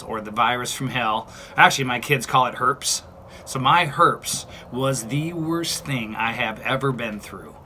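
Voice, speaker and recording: A man in his fifties tells his own story straight to camera, blunt and chatty, tossing in playful asides. His voice sounds bright and forward. A faint background hiss runs under it. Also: medium pitch. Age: 50s. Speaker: vlogger. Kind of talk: casual personal story to camera.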